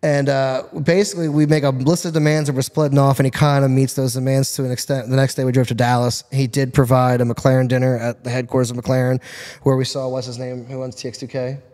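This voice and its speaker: A man's voice: medium pitch, fast talker, in a large hall. A man from Florida, a podcast guest telling a rowdy story with lots of swearing. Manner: profane, animated storytelling. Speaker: podcast guest, car tuner. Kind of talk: casual storytelling.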